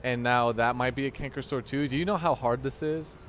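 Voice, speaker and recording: A young man hosting his gaming channel, giving excitable, mock-instructional commentary over gameplay with frequent swearing and outbursts. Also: medium pitch, fairly quick, a little hiss or hum.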